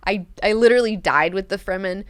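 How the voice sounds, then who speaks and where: A woman's voice: mid-range voice, fairly quick, a bit bright, no echo, studio quality, lightly acted. A woman doing a brash, disgusted warrior. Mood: scornful. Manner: brash, exasperated slang. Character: blunt, disgusted old warrior man.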